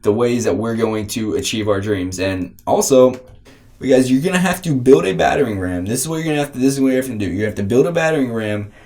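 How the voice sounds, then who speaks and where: A young man co-hosting a casual filmmaking podcast, animated and joking as he rambles through analogies. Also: mid-range voice, fast. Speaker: podcast co-host.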